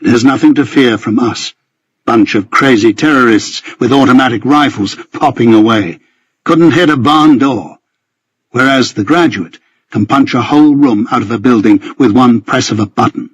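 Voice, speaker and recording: A man narrates a first-person story in a husky voice at a middling pitch. His telling is tense and vivid. The recording sounds dull and lo-fi. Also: normal speed, no echo. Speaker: audiobook narrator.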